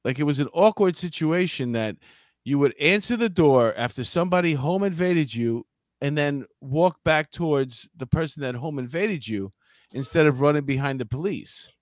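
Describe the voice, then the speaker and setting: A man with a slightly high voice, recorded dry and close. He co-hosts a loose crime-news chat, jumping into stories with jokes, swearing, and quick put-on voices. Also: dry recording. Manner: animated storytelling, acts out voices; profane, joking. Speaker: podcast co-host.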